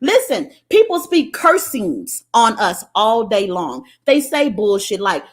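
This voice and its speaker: A woman's voice: very animated, slow. A woman from the United States hosting a livestream, preaching in a blunt, profane, impassioned way while she reads out viewer comments. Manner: profane, blunt and preachy, swinging from loud to low. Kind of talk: impassioned motivational livestream talk.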